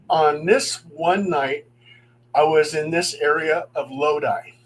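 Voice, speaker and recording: A middle-aged man, a paranormal investigator, telling ghost stories in a casual, animated way and acting out the voices in them. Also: fairly high pitch, slight background noise, rough recording. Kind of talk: casual storytelling on a talk show.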